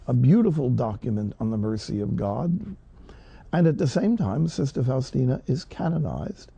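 A man's voice: medium pitch, vocal fry, dark tone, breathy edge, no echo. A man preaching a sermon in an earnest, emphatic way that swells to stress key words.

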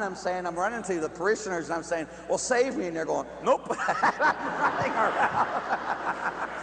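A man from Pittsburgh, a Catholic priest, telling a humorous, animated personal story in a sermon, often laughing and adding "huh?". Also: sits high, vocal fry. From Pittsburgh, United States. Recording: echoey hall, faint hum.

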